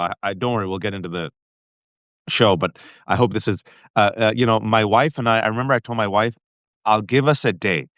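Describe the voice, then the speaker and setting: A man earnestly recounting a family ordeal in an interview, halting often and restarting his sentences. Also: lowish voice, fairly bright tone, dry recording. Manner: earnest, halting, with restarts and frequent direct address. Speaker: guest. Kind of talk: emotional personal storytelling in an interview.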